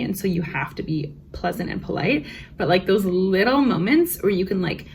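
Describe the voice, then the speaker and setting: A woman's voice: on the low side, quick pace, creaky, slight background noise. A young woman vlogger telling work stories in a frank, profane, ranting way, casual storytime.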